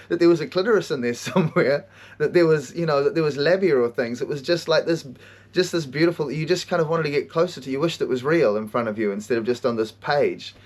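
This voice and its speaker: A man hosting a podcast, telling stories in an animated way, swearing a lot and often laughing. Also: on the high side. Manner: animated storytelling, heavy swearing, frequent laughter. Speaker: podcast host and counselor. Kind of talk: casual monologue.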